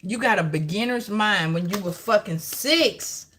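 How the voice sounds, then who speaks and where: Bright-voiced woman, profane and preachy. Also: medium pitch, a little slow, slight background noise. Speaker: tarot reader. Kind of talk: live-stream tarot reading.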